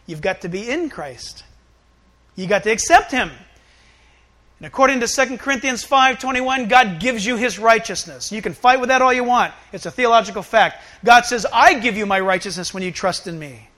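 A man preaching a sermon, animated, acting out little scenes and swinging between loud outbursts and hushed asides. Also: high voice, normal speed. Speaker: pastor.

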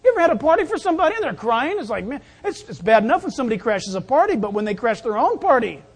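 A pastor giving a sermon in an animated, jokey way, acting out the scenes. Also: medium pitch, racing, breathy edge.

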